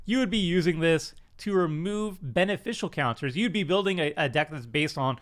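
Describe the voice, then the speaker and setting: Chatty man reviewing cards, slightly high voice. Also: moderate pace, fairly bright tone. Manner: chatty, self-deprecating, many fillers and restarts. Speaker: commander stream host. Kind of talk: casual card review chat.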